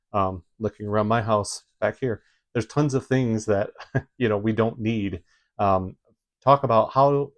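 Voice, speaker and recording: A man with a Midwestern accent giving casual advice to camera from home, rambling with many fillers and restarts. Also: on the low side. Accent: Midwestern American. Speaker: YouTube creator giving tips.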